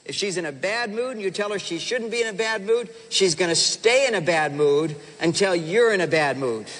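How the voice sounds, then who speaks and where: A relationship speaker with a fairly high voice gives a seminar talk to a live audience in a big hall, his words trailing into a long reverb. Speaking at a moderate pace, he's animated and playful, slipping into the voices of husbands and wives to make his point. There's a little hiss or hum.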